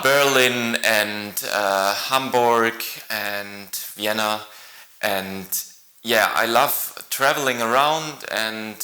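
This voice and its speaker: A male actor introducing himself to camera, halting and playful, with many pauses. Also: fairly low pitch, bright, forceful tone, roomy sound, poor audio.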